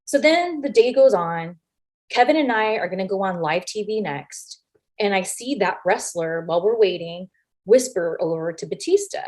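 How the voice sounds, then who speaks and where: A woman, a former wrestler as an interview guest, telling casual anecdotes in an animated way, acting out the lines of people she quotes and swearing freely. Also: medium pitch, normal speed. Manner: animated, acts out quoted lines with big voice shifts.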